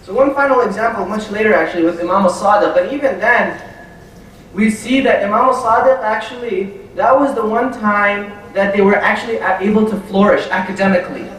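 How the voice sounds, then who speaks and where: A man's voice: high voice, a little fast, fairly bright tone. A man giving a religious lecture, telling stories and acting out the dialogue with animation. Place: large hall at a community center. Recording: echoey hall, mic from a distance.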